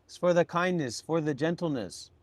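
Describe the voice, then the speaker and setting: A man's voice: on the high side, normal speed, no echo. A man hosting a casual live stream, playful and teasing, with lots of exclamations. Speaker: livestream host.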